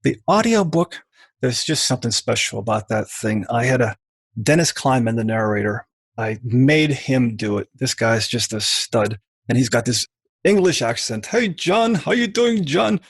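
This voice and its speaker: A middle-aged man, a book author, as a podcast guest telling lively stories and acting out the voices in them. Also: mid-range voice, normal speed, breathy edge, no echo. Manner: animated storyteller who mimics voices in quoted anecdotes. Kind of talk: podcast interview, storytelling.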